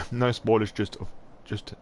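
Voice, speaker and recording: A man talks casually to his live-stream chat as host. His voice sits on the low side, and he swears freely and laughs often between remarks. A faint background noise runs under the recording. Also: fairly even intonation, slow pace, a little mellow.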